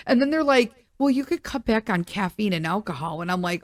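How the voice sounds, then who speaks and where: Woman podcast host, middle-aged, casual solo chat, lively and joking, voice a bit worn from illness. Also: a little high, fairly quick, few pauses. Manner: chatty, animated and joking, with loud emphatic asides. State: recovering voice after being sick.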